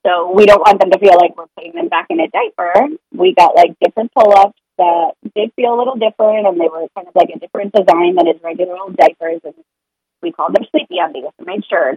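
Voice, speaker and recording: Earnest mom chatting about parenting. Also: female voice, medium pitch, animated, fast, a little mellow, slightly rough, no room sound, muffled recording. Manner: earnest, rambling, acts out sing-song parent scripts. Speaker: parent sharing potty-training experience. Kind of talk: casual podcast conversation.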